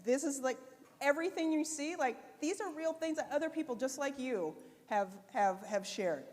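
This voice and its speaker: A woman with a fairly high voice gives a motivational talk from a conference stage. Her delivery is animated and chatty, and she speaks directly to the crowd. The live recording carries a long reverb from the hall. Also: moderate pace. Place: conference stage before an audience.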